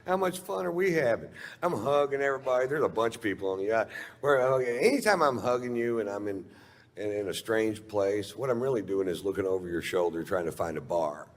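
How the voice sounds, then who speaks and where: A man's voice: fairly low pitch, a little fast, long reverb tail. A male stand-up comedian telling a long story, rambling and profane, often chuckling at his own lines.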